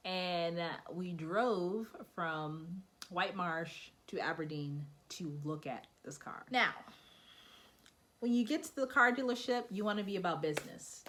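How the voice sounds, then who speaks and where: A young woman vlogging in a relaxed, chatty way, her voice sitting a little low for a woman. She keeps slipping into quick acted-out exchanges as she gives practical advice. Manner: chatty, acts out quoted dialogue. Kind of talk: casual advice vlog.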